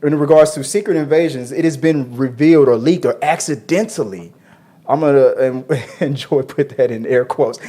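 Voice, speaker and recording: A man's voice: medium pitch, moderate pace, mellow. A man hosting a casual entertainment news show, loose and joking, with frequent fillers and restarts. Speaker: podcast host.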